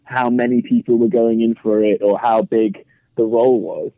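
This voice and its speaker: A man in his thirties with an English accent, a guest actor chatting casually in an interview, speaking crisply and laughing often. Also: medium pitch, steady tone, normal speed, dry recording, dull audio. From England. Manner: over-articulates, chatty with frequent laughs.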